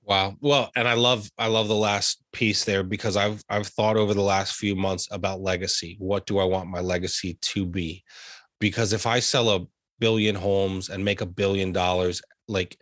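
A man's voice: low voice, level tone, moderate pace, fairly bright tone, dry recording, clean studio sound. A young man from the USA, a realtor guest talking earnestly in an interview and getting emotional about family. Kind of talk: heartfelt interview conversation.

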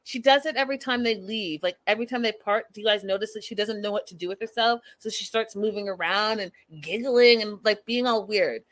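A woman's voice: medium pitch, brisk, few pauses, fairly bright tone, no room sound. A young woman recapping a reality show in a chatty, incredulous way, talking straight to her viewers. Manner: chatty, incredulous, addresses viewers as "you guys". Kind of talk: casual recap commentary.

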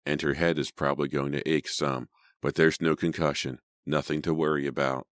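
A man voicing a brisk, reassuring family doctor in a calm, matter-of-fact way. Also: rumbling low, dry recording, studio quality.

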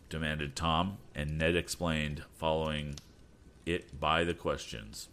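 A man reading a storybook aloud, animated and sometimes stumbling over words. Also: extremely low pitch, a little slow. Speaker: audiobook reader. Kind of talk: storybook narration.

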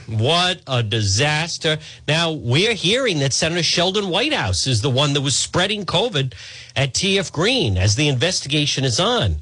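A man hosting a talk radio show, delivering a sardonic, mocking monologue and often clearing his throat. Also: fairly high pitch, very animated, moderate pace, sharp tone, dry recording.

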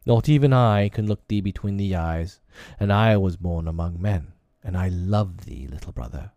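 A man's voice: sits low, moderate pace, dark tone, no echo, muffled recording, natural voice. A man voicing a wise, protective male panther who speaks solemnly and tenderly in a storybook reading. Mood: grave, tender.

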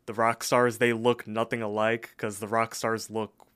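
A man's voice: lowish voice, flat delivery, a little slow, a bit bright, clear, resonant tone. A man co-hosting a podcast, casually recapping an episode in a rambling way with lots of "like" and "um". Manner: rambling, filler-heavy retelling. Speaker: podcast co-host.

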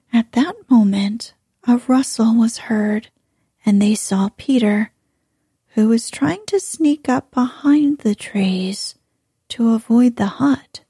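Slow whispering woman storyteller. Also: on the high side, slightly rough, no room sound, clean studio sound. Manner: soft, measured narration. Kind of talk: whispered role-play.

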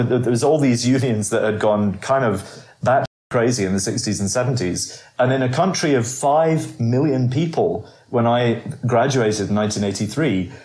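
A man's voice: mid-range voice, a little mellow. Man in his sixties, from Scotland, anecdotal, wry, roomy echo. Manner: long anecdotal answers with wry asides. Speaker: guest. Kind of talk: conversational interview storytelling.

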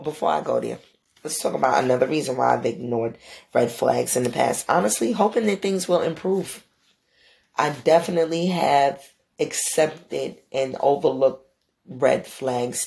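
A podcast host, a gravelly-voiced New woman, tells a casual story as a monologue. She's animated and profane, acting out quotes with big jumps in pitch.

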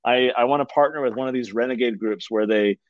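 A man's voice: mid-range voice, fast, dry recording, muffled recording. A man who writes books, a guest on a podcast, explaining his ideas in an earnest way and telling stories to make his points. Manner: earnest, storytelling, uses fillers. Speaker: author and guest. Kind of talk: conversational interview.

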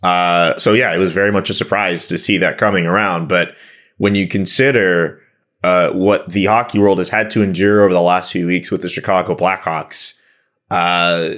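A man with a notably deep voice chats as a guest on a sports podcast. His talk is loose and relaxed, padded with plenty of ums and uhs. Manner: relaxed, rambling with many fillers. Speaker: guest hockey writer. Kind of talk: casual podcast chat.

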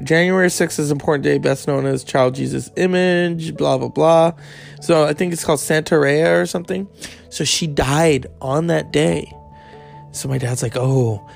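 A man telling a candid personal story in a rambling, casual way, swearing freely and adding animated asides. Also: on the high side, vocal fry.

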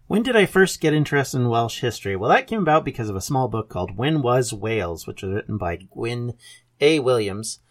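Gravelly Canadian man hosting a podcast. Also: medium pitch. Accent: Canadian English. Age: 50s. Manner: earnest and rambling, with self-corrections. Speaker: podcast host. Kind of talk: casual podcast introduction.

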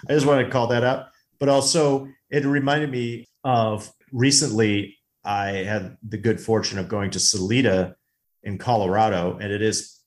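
A man co-hosting a casual movie podcast, talking with enthusiasm and telling stories. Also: lowish voice. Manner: animated, enthusiastic storyteller. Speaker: podcast co-host.

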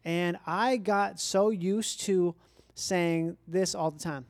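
A man's voice: high voice, steady tone, slow pace, no echo. A man hosting a casual comedic chat, playful and riffing in mock accents.

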